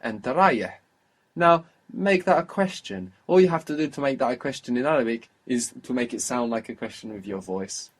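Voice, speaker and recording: A man's voice: medium pitch, animated, brisk, breathy edge. A man teaching a language lesson, patiently prompting his student with questions and repeating the answers.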